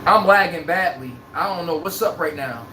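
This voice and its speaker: A man's voice: a little high, normal speed, sharp tone. A brash man holds forth on a live sports fan stream, talking trash and cackling at his chat. His voice rings out in a roomy space with a faint hiss of noise behind him. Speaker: sports livestream host.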